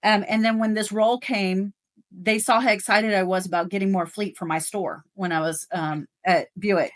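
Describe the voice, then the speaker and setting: A middle-aged woman, a guest on a podcast, telling work stories in animated casual chat with plenty of fillers. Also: medium pitch, normal speed. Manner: animated storytelling, rising excitement, many fillers. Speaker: guest, dealership service manager.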